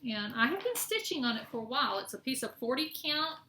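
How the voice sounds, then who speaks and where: This middle-aged woman talks fast in a high, sing-song voice that's bright and forceful. It's a relaxed cross-stitch vlog where she rambles, corrects herself, and shows her work. Faint noise and echo fill the room.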